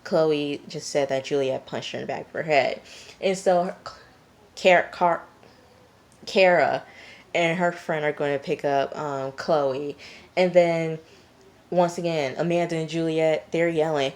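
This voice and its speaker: A woman's voice: low-pitched, fairly even intonation, measured pace. A woman vlogger casually recapping a TV episode, chatty and blunt, with lots of "like". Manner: chatty and blunt, heavy use of "like". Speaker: TV review vlogger.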